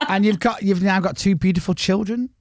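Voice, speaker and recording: A man's voice: high voice, a little fast. A man hosting a radio show, teasing his guest in a playful, joking way. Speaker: radio host. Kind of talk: casual radio chat.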